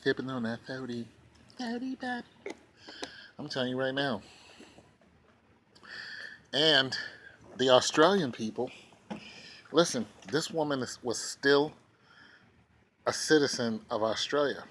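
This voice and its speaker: Indignant man with a bright voice. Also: medium pitch, unhurried, long pauses, slight background noise. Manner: sarcastic, indignant, emphatic repetition. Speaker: vlogger. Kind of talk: ranting commentary.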